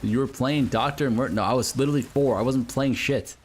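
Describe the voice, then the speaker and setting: An American man talks to his stream viewers in a rambling, unpolished way. He uses a lot of fillers, drops swear words easily, and keeps an ordinary middle pitch. A faint ambient noise sits under his voice. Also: fairly quick, a little mellow. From United States. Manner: rambling, filler-heavy, swears and laughs often. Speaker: game streamer. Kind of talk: casual livestream chat with viewers.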